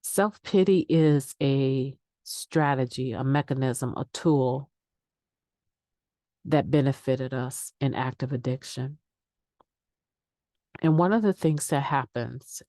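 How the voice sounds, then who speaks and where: A woman's voice: rumbling low, takes it slowly, dark tone, no room sound, studio quality. A middle-aged woman speaking candidly at a recovery meditation, sharing her own experience in a conversational way. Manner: candid, conversational, acts out quoted excuses. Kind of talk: daily meditation reading and sharing.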